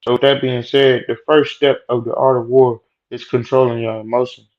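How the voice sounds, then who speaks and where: A man's voice: medium pitch, flat delivery, moderate pace, darkish tone. A young man telling a rambling, profane story about a workplace run-in in a loose, slangy way. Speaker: vlogger telling a work story. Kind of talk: casual storytelling monologue. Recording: dull lo-fi audio.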